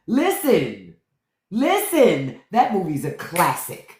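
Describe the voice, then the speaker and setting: A woman's voice: lowish voice, animated, unhurried, echoey room. A woman host giving blunt, profane commentary to livestream viewers, repeating her points. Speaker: podcast host.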